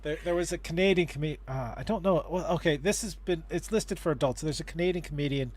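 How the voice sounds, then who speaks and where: A man's voice: on the high side, fast talker, a little mellow. Rambling man hosting a livestream. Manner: rambling, with many restarts and fillers. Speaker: host. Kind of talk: casual livestream advice chat.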